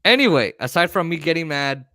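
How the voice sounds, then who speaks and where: A man's voice: fairly high pitch, brisk, no room sound. Guy telling a story on a podcast, swoops up and down a lot, dry close sound, swears a bunch. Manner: animated, profane, acts out voices. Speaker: podcast co-host. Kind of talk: casual storytelling chat.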